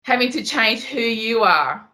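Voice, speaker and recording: Fired-up woman on a podcast, kinda high bright voice, keeps repeating herself to hammer a point. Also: animated, unhurried. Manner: passionate, repeats herself when emphasizing. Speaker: podcast guest, Muay Thai fighter. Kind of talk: casual interview.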